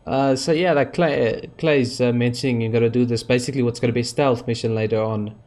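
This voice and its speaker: A man's voice: mid-range voice, fairly even intonation, fast, a little mellow. A man giving rambling let's-play commentary over a space game, with many fillers and restarts. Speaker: gaming YouTuber.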